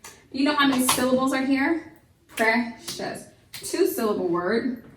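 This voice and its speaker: A woman teaching a kindergarten vocabulary lesson at home, speaking slowly and patiently, spelling words out letter by letter and asking the children gentle questions. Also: sits high, lively intonation, noisy background. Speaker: homeschool teacher.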